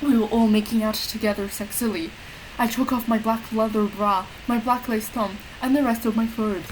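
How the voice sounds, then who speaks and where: A woman reads a fanfic aloud in a deadpan way, breaking off for wry asides. Her voice sits a little high, and a faint hiss runs under the recording. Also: moderate pace. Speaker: reader. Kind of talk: dramatic comic reading of a fanfic.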